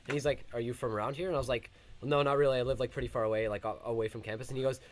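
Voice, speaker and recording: Young man, born in Ukraine, casual podcast storyteller, quick talker, mid-pitched, acts out quotes. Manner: animated, acts out quoted voices. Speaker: podcast co-host.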